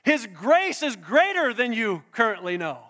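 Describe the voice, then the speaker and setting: A man's voice: extremely high pitch, big pitch swings, a little slow, pushed and bright. A man preaching a sermon as a pastor, drawing in the congregation with questions and call-and-response. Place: church hall. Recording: long hall reverb.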